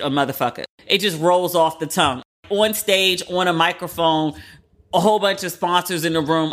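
A woman hosting a podcast, casually retelling celebrity drama in a candid, profane, animated way. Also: deep voice. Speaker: podcast host. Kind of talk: casual celebrity gossip commentary.

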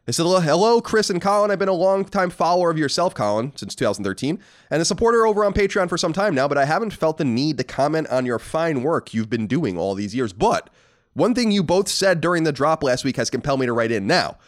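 A man's voice: on the high side, lively intonation, fast talker. An American man co-hosting a casual podcast, reading listener mail aloud with mock-indignant joking. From United States. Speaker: podcast co-host.

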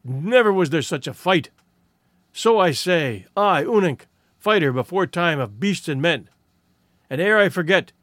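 A man reading the lines of a wounded, boastful village fighter in slow, solemn, formal speech. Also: a little high, animated, a bit bright, no echo, clean studio sound.

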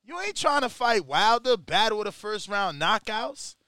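A man chats on a casual podcast in a very high, bright voice. He talks with profane, joking, slang-heavy energy, and the sound is dry and close. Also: big pitch swings, normal speed, clear, resonant tone, dry recording. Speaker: podcast host.

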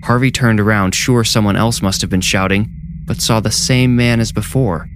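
A man narrating a horror story in a measured, steady storytelling voice. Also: lowish voice, noisy background. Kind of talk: scripted narration.

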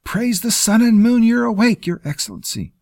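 A man voicing excited court physicians who talk in a rapid babble. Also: mid-range voice, no echo, studio quality, pitched above the performer's own voice. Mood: fussing. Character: anxious male court physicians, fussing.

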